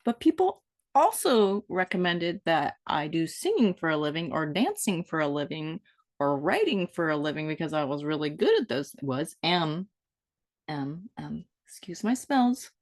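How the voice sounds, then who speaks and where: A woman's voice: sits low, very animated, measured pace. A woman in her fifties talking in an improvised, rambling monologue, playful and self-mocking as she wanders from one thought to the next. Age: 50s. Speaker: vlogger.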